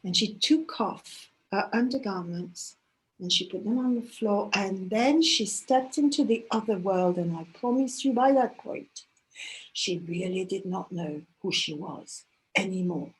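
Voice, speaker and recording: A woman storyteller telling a myth aloud at a workshop, dramatic, moving between hushed and loud. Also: on the high side.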